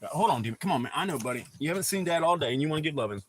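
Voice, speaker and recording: A man's voice: a little high, animated, rapid-fire, slight background noise. A middle-aged man hosting a casual livestream, chatting with viewers and greeting them by name. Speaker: livestream host.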